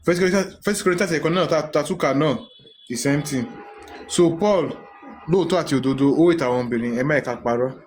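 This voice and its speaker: A man with a Yoruba Nigerian accent, reading Bible verses aloud slowly in a casual group discussion and then arguing his point emphatically. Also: fairly high pitch, darkish tone, slight background noise. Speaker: discussion participant reading scripture.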